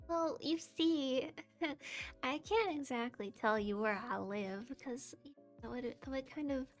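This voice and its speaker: A young woman who streams as a VTuber and rigs models chats with her viewers in a relaxed, unhurried way, her voice high and light. She giggles a lot and pokes fun at herself while soft music plays quietly behind her.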